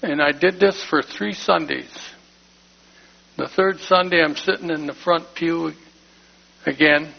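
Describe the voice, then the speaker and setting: A man with a fairly high, gravelly and husky voice gives an emotional personal testimony in church, speaking plainly and from the heart. His tone stays steady and unhurried, with frequent pauses. The recording is dull and lo-fi.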